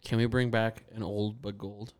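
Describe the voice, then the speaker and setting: A young man co-hosting a podcast, talking in excitable, profane, casual chat. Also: on the low side, moderate pace. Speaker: podcast co-host.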